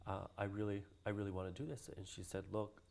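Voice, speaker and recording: A man's voice: fairly low pitch, level tone, fast, vocal fry, a little mellow. A man telling a story in a casual interview, laughing often and acting out the voices of the people he quotes. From Hawaii. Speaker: guest, cultural practitioner.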